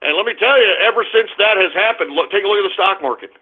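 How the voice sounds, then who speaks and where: A man hosting a talk radio show, brash and profane, swinging from loud shouts to low mutters. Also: expressive, fast. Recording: phone-like narrow band.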